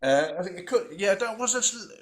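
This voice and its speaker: A man's voice: high voice, expressive, brisk. A man chatting casually at a music jam, hesitant and thinking aloud with fillers. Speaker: guest fiddle player leading tunes.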